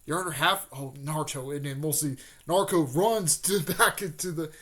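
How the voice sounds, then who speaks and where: A man casually retelling a fan-made story off the cuff, rambling with many fillers and restarts and tossing in quick snippets of characters' lines. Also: on the high side, fairly bright tone.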